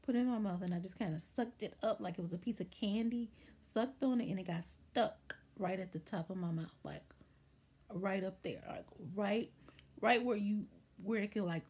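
A woman hosting a casual storytime vlog, telling a story from her childhood. Her voice is mellow and a bit husky, and she slips into livelier voices to act out the people in the story. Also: mid-range voice. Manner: chatty, animated, acts out voices in quotes.

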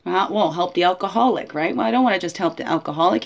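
A woman with a lowish, fast voice and vocal fry gives a casual, reflective spiritual guidance talk. She thinks aloud as a spiritual guide, ending many of her sentences with "right?"

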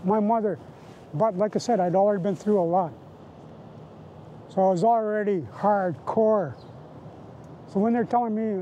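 A Canadian residential school survivor gives personal testimony in a documentary interview, retelling the past in vivid present tense with repeated phrases. His voice sits high and sounds warm, with fairly even intonation, a moderate pace and frequent pauses. The recording is rough, with a little hiss or hum.

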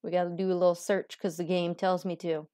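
A woman's voice: lowish voice, little pitch movement, brisk, mellow, dry recording, studio quality. A woman playing a video game and chatting casually, joking and reading game text aloud. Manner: joking, reads game text aloud, sudden playful voices. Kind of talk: casual let's-play commentary.

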